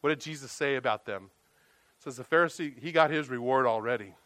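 A man preaching a sermon, telling stories in a conversational, animated way. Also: mid-range voice, fairly quick, no echo. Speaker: pastor.

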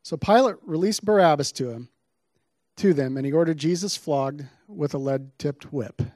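A man's voice: on the high side, normal speed, a little mellow, no room sound, clean studio sound. Man preaching, dramatic scripture reading. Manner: reads scripture with dramatic emphasis on quoted lines.

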